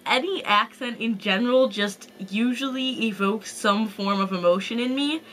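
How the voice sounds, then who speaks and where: A woman's voice: a little high, normal speed, fairly bright tone, slight background noise. A young woman from Wisconsin, chatting bubbly and self-mocking in a casual vlog. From Wisconsin, USA. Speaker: collab video vlogger.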